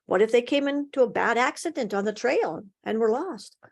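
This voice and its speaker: A kindly little old man who talks to birds, calm and quietly knowing as he questions the boy, voiced by a woman telling the story. His tone stays gentle and unhurried. It is heard over a video call. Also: fairly high pitch, creaky.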